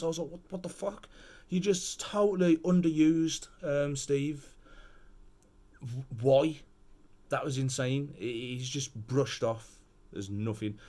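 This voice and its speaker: A man speaks in a casual review, blunt and animated, with frequent swearing as he rants. His voice sits at an ordinary middle pitch for a man. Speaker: show host.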